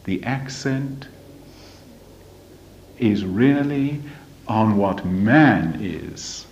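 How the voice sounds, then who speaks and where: Guy teaching from a religious text, slow and emphatic, lowish voice, muffled old-sounding recording. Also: expressive, a little mellow. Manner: deliberate, emphatic, asks rhetorical questions. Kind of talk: slow lecture on a spiritual text. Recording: dull lo-fi recording.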